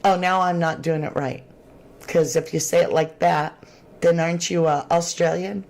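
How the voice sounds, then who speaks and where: A woman with a drawl hosts a true crime livestream, greeting viewers and reacting to their comments. Her voice sits a little low, and she speaks loosely, with plenty of slang. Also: moderate pace. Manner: chatty, animated, Southern-tinged slang. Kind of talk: casual livestream chat reading viewer comments.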